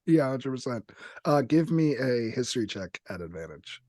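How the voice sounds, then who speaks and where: A man narrating a tabletop role-playing game as game master, describing scenes with lively fillers. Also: mid-range voice, normal speed, no echo, studio quality.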